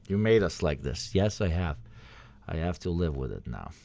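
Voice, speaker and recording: A man hosting a livestream in casual chat, excitable and swearing, pleading loudly with his viewers. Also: deep voice, moderate pace, vocal fry. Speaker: livestream host.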